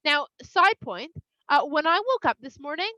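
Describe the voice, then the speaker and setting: A woman from Toronto, telling a kids' story in an animated, expressive way with playful asides. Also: high voice, normal speed, no echo. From Toronto, Canada. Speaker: children's Bible storyteller. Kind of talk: storytelling for kids. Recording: slightly dull, dry sound.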